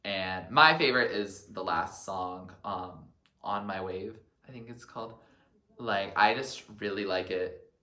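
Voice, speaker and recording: A man's voice: low voice, measured pace, sharp tone, echoey room. A man vlogging casually about his favorite albums, chatty and full of filler words. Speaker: music vlogger.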